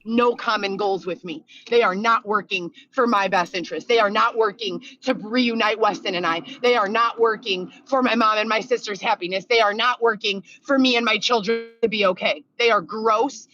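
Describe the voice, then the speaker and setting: A woman's voice: mid-range voice, normal speed, few pauses, bright, forceful tone. A woman venting in a monologue video, agitated and profane, reeling off complaints one after another. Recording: dull lo-fi clip audio.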